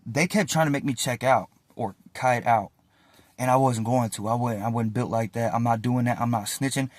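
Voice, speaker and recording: At normal speed and a middle pitch, a man tells a story casually, full of slang and cursing. He's animated throughout, recorded close and dry without any echo.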